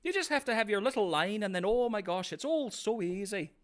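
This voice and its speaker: A boastful villain put on by a man in a high, sing-song, exaggerated Irish lilt. The voice leaps well above his usual register and sounds set back from the microphone. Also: lively intonation, a little fast. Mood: smug. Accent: mock Irish. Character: boastful Irish male villain, singsong, mocking.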